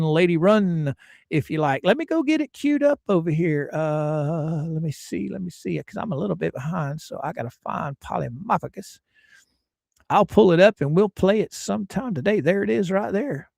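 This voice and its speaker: Guy hosting a livestream, kinda high voice that bounces all over, dry close sound, chatty and greets chat by name. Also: creaky, a little mellow, dry recording. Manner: chatty, greets viewers by name, hedges often. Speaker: livestream host. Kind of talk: casual live-stream chat.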